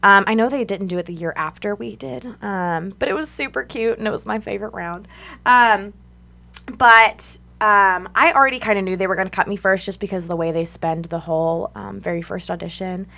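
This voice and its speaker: A young woman telling a story as a guest in a casual radio chat, animated and laughing often, acting out what people said. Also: medium pitch, fairly quick, creaky. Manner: animated, laughing, acts out quotes.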